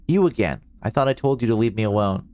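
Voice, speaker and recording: A man voicing a bitter, furious teenage boy who shouts curses at someone he wants gone. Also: lowish voice, lively intonation, fast talker, natural voice. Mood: angry.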